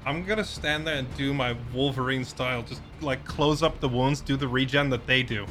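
A man playing a tabletop game, excitable and quick to laugh. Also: mid-range voice, music in the background. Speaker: player. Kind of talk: casual tabletop play.

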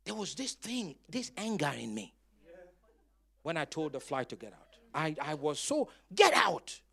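A male pastor with a high voice preaches with dramatic force, breaking into loud emphatic bursts. His pitch swings widely as he tells stories with a touch of humor and urges the congregation to answer back. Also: sing-song, moderate pace, husky. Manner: storytelling with humor. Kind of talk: sermon.

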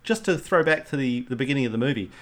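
A man chatting casually about a film, animated and swearing, sometimes quoting lines in put-on voices. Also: mid-range voice, quick pace. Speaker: film podcast co-host. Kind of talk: casual chat.

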